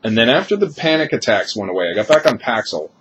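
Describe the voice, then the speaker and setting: A man's voice: medium pitch, very animated, fast talker, lo-fi sound, slight background noise. A man in his thirties talking candidly and at length in a rambling, confessional personal monologue. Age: 30s.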